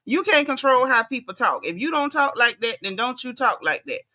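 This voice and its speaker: Bright-voiced woman host, sassy and chatty. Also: on the high side, moderate pace. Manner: animated, sassy, talks straight to viewers. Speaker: host reacting to clips. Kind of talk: casual reaction commentary.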